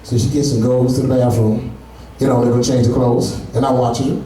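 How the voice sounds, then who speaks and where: A man's voice: medium pitch, little pitch movement, fairly quick, dark tone. A man doing a stand-up comedy set, telling loose, profane stories with asides to the audience. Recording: echoey room, far from mic.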